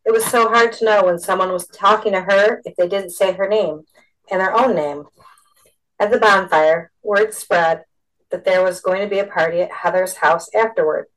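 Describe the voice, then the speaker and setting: A woman reading a story aloud in a steady, expressive narration. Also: medium pitch, normal speed, poor audio.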